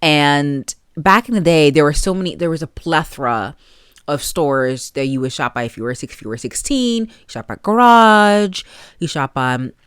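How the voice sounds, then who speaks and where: A woman's voice: deep voice, smooth, no echo, clean studio sound. A young adult woman hosting a solo podcast, rambling casually with lots of fillers. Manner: rambling, chatty, with frequent likes and laughs. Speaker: podcast host. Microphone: plugged-in podcast mic.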